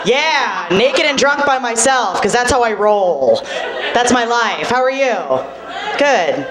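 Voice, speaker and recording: A woman from Boston performing a stand-up comedy set, talking fast and making fun of herself. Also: on the high side, lively intonation, a crowd in the background. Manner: rapid, self-mocking, acts out other people's voices. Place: comedy club stage. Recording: live club set with loud audience.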